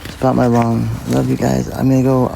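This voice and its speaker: A man's voice: mid-range voice, monotone, fairly quick, creaky, noisy background. A man chatting casually on a livestream, rambling and swearing, his speech mumbly from a missing front tooth. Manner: rambling and profane, talking to viewers.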